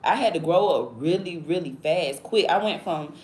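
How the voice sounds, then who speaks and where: A woman's voice: on the low side, animated, normal speed, darkish tone. A woman in her thirties livestreaming and talking casually in slang, often asking "you feel me?". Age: 30s. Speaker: livestream host. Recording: echoey room with faint background noise.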